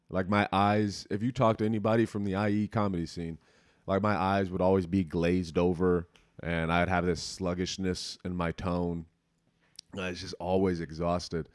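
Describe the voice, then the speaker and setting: This young man hosts a podcast in a loose, unfiltered style, rambling and swearing freely as he chats. His voice is low, deep and darkish, recorded close to the mic with a dry sound and no room echo.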